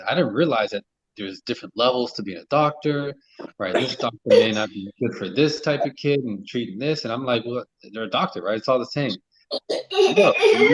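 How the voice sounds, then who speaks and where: A man's voice: medium pitch, muffled recording. A man on a men's talk show panel, talking casually and working through his point with frequent repeated words and restarts. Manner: halting, repeats words while building a point. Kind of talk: casual discussion.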